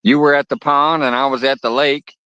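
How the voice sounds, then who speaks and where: Streaming live from a lake, a man casually chats with viewers, laughing and swearing his way through stories. He talks fairly quickly in a medium-pitched, level, sharp and clean voice; the recording is dry yet dull and lo-fi.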